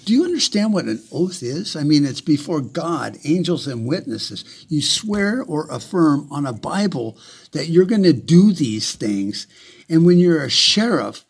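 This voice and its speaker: Heated, profane man ranting, husky voice. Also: on the high side. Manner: repeats words and restarts often. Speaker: vlogger. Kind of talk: angry rant to camera.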